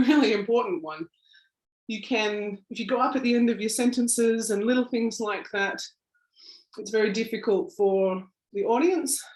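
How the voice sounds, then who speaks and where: An Australian woman giving an informal workshop talk, chatty, with lots of fillers and a self-deprecating laugh, heard over a video call. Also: mid-range voice. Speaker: workshop presenter. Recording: roomy echo.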